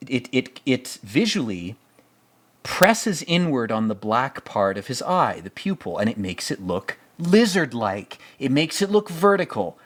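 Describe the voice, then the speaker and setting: A man's voice: medium pitch, a bit bright. A man giving casual film commentary as host, rambling, jokey and profane.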